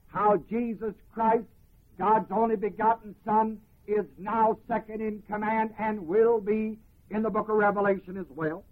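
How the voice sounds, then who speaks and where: A man with a high, breathy voice delivers a sermon at an unhurried pace, drawing out the scripture he reads. He stresses each phrase with care. The recording is thin and tinny, like a phone line. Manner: slow, emphatic, drawn-out reading of scripture. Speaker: preacher. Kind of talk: sermon, Bible teaching.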